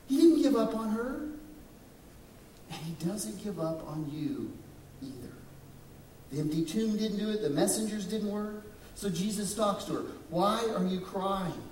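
A man's voice: high-pitched, lively intonation, unhurried, dark tone, a little hiss or hum. A man preaching a sermon in a church, dramatic and questioning, slipping into voices when he quotes people. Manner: dramatic, shifts into voices for quoted figures, asks the congregation questions. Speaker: pastor. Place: church sanctuary. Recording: echoey room, distant mic.

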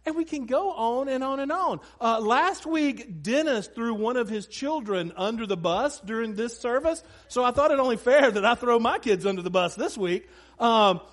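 In an extremely high voice at normal speed, a man delivers a sermon to his congregation from the church stage. As their pastor, he's a lively, funny storyteller, sharing comic family tales and talking straight to the crowd.

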